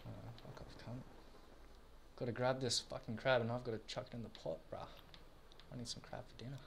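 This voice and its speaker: Sweary young gamer. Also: male voice, mid-range voice, fairly quick, vocal fry. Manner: sweary, excitable banter with teammates. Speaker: gaming channel host. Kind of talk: casual gameplay commentary. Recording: game noise under the voice.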